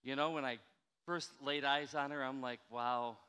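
An older man preaching a sermon in a church, chatty and animated, coaxing his congregation to answer back. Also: mid-range voice, moderate pace, smooth. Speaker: pastor. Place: church sanctuary. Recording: reverberant church hall.

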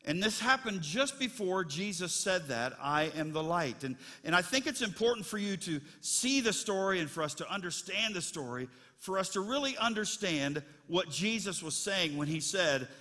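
Middle-aged pastor guy preaching, super bright forceful voice, rambly folksy stories, church reverb hanging on every word. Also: high voice, animated, normal speed, few pauses. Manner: folksy, chatty storytelling with many fillers. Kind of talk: sermon. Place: church sanctuary.

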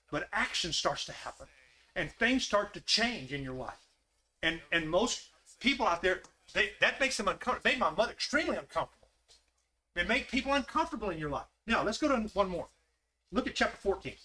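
Bright, high-voiced man teaching. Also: very animated, a little fast. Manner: folksy, asks the group questions. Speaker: Bible study teacher. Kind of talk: conversational Bible study teaching.

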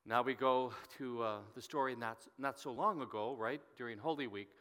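A pastor with a medium-pitched, slightly bright voice preaches at normal speed, telling a Bible story and reading scripture aloud with rising emphasis. The recording carries a long hall reverb.

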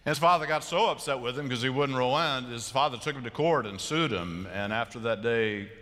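A man's voice: mid-range voice, fairly quick, sharp tone. A man preaching a sermon as pastor, conversational and self-amused, slipping into voices of biblical figures. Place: large church sanctuary. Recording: long hall reverb of a church.

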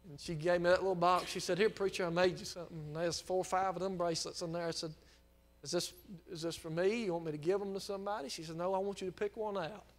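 A male pastor preaching a sermon, moving between quiet storytelling and impassioned, near-shouted exhortation. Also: high voice.

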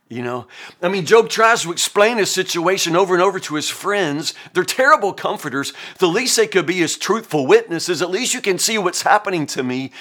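A man's voice: sits high, expressive, fairly quick, a bit bright, husky. A man in his fifties, a pastor, teaching a Bible passage in an earnest, folksy, conversational way and often restarting his sentences.

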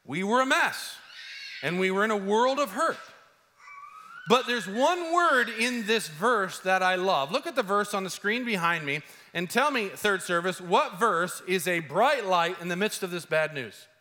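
A man preaching a sermon as a pastor, telling stories in a lively way and stretching out key words for emphasis. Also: sits high, unhurried, a little hiss or hum. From Arizona, USA. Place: large church hall. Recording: long church-hall reverb.

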